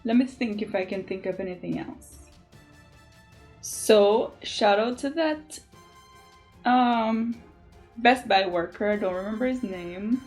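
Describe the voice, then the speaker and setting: A young woman from Jamaica with a Jamaican accent, chatting casually to camera in an animated way and laughing often. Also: mid-range voice, slow, pauses often, soft background music. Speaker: vlogger.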